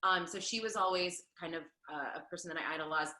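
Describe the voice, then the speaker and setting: A woman in her thirties, a stage performer, answering interview questions in an animated, chatty way with lots of fillers. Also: fairly low pitch, fast, reverberant, rough recording. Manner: animated, laughs often, many fillers. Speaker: Broadway performer, guest.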